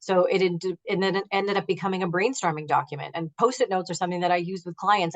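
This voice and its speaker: Brisk, emphatic woman negotiation coach. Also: fairly low pitch, rough recording. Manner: energetic, emphatic, acts out client quotes. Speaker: negotiation expert and author, guest. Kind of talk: conversational interview, coaching advice. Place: video call.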